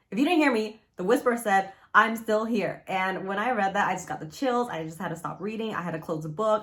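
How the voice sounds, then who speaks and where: A young adult woman casually reviewing a book from her room at home, chatty and animated, easily spooked, with lots of fillers. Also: mid-range voice.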